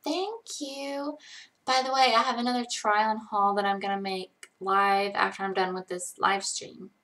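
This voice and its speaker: A young woman casually answering chat questions on a live stream, hesitant, with frequent ums and pauses. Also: medium pitch, steady tone, bright, forceful tone.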